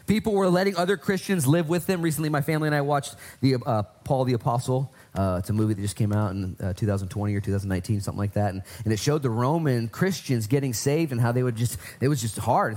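A man's voice: medium pitch, fast talker, few pauses, a little mellow. A man preaching a conversational sermon, emphatic, swinging up and down for stress. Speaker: pastor.

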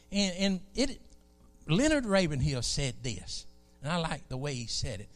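A man from South Alabama with a Southern accent, preaching a sermon in a folksy, animated way. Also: a little high, normal speed, soft background music.

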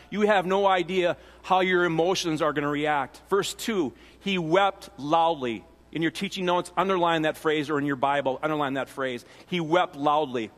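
A man with a notably high voice preaches in a big church auditorium, and his words ring out with a long reverb tail. He teaches in an easygoing, conversational way, stopping to restart phrases and to toss in asides to the congregation. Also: a bit bright. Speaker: pastor. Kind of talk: sermon. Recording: long reverb of a large hall.

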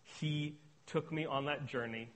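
A young man giving an earnest sermon-style testimony, moving between hushed and emphatic delivery. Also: fairly high pitch, steady tone, a little slow. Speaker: speaker on addiction recovery.

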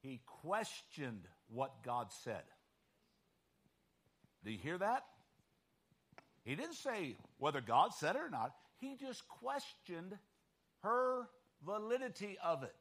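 High, animated male preacher. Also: a little slow, pauses often. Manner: emphatic, keeps checking in with listeners. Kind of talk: sermon.

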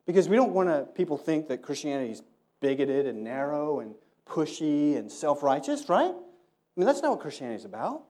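A man's voice: fairly high pitch, big pitch swings, fairly quick, mellow. A man preaching a sermon in a conversational way, telling stories and acting out the voices of people he quotes. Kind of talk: sermon with storytelling.

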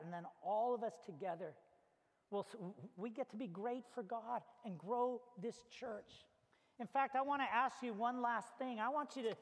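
A man preaching a sermon to his congregation, energetic and emphatic, reading scripture aloud. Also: high voice. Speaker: pastor. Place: church auditorium. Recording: long hall reverb.

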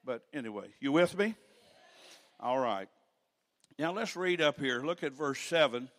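An older man preaching a sermon in a church, telling stories with rambling asides and rising to loud preaching at times. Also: medium pitch, lively intonation, measured pace.

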